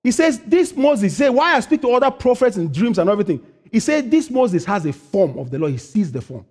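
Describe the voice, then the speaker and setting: A pastor delivering a sermon in a high voice, moving between loud, soaring preaching and quiet asides. He keeps asking his listeners questions and then answers them himself. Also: very animated, fairly quick.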